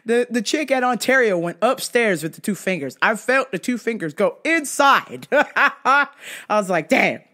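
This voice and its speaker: A woman in her thirties telling comedic travel stories to camera, animated, profane and often laughing. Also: on the high side, moderate pace. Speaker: vlogger. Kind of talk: casual comedic storytelling.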